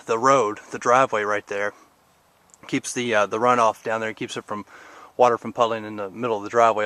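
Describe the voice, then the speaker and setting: A man's voice: medium pitch, a bit bright. A man, a podcast host, casually walking through his rural property outdoors on a camera mic, a little out of breath and rambling with many fillers. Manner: rambling, filler-heavy, pointing things out. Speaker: podcast host giving a garden tour. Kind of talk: casual outdoor video tour.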